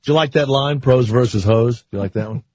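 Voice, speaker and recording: A man's voice: mid-range voice, fairly quick, darkish tone, no echo. An older man hosting a talk radio show, rambling and wisecracking in loose asides with callers and co-hosts. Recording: muffled lo-fi radio broadcast.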